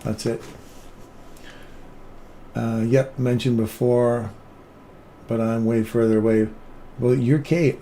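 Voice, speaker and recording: A man's voice: medium pitch, steady tone, takes it slowly, long pauses, dark tone, slight background noise. Casual man in his fifties streaming trades. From England, raised in Canada. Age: 50s. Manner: casual, talks through chart moves and answers chat. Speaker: trading livestream host. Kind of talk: live trading commentary.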